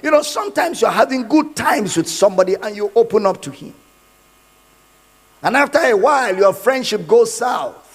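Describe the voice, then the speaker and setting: A man's voice: high-pitched, lively intonation, moderate pace, breathy edge. A man preaching a sermon in a church, emphatic and given to repeating his points. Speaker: pastor. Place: church hall. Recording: hall reverb.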